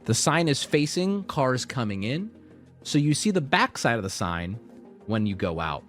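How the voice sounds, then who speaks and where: A man streaming, telling a story to his chat in a casual, animated way, jumping between loud outbursts and low mutters. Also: moderate pace, faint music behind.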